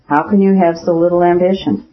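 A man's voice: high-pitched, fairly even intonation, fairly quick, voice pushed up, lightly acted. Earnest elder brother, educated and lecturing , read by a man; persuasive, dull lo-fi audio. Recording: dull lo-fi recording.

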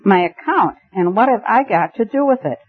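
A man's voice: high-pitched, expressive, normal speed, breathy edge, voice pushed up. A man reading voices a bewildered, hot-tempered army major in a story, near hysterical. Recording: tinny phone-like band.

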